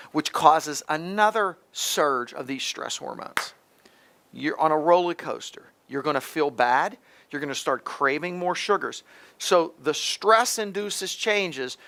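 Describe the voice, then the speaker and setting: Middle-aged guy giving health tips, gravelly and bright, pushy and emphatic, keeps restarting. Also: fairly high pitch. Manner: emphatic, repetitive restarts, talks directly to the listener. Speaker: host, pharmacist. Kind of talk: health advice talk.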